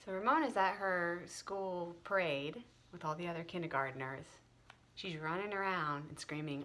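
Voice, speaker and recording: A woman's voice: lowish voice, normal speed, sharp tone. A woman tutor reading a children's chapter book aloud and explaining it in a friendly way.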